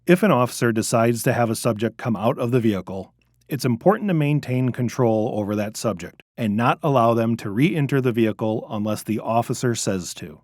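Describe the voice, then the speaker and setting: A man narrating a scripted training video in a measured, instructive way. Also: mid-range voice, darkish tone, dry recording, studio quality.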